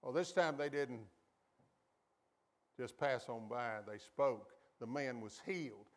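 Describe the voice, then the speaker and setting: Slow-preaching pastor, a man. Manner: calls for the congregation to repeat after him; acts out quoted voices with sudden high jumps in pitch. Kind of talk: sermon.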